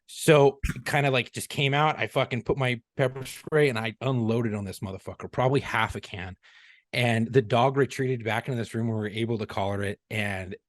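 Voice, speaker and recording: A man's voice: mid-range voice, steady tone, fairly quick, dry recording, studio quality. Profane storytelling ex-cop man. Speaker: guest, former police officer. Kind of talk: casual storytelling. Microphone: podcast studio mic.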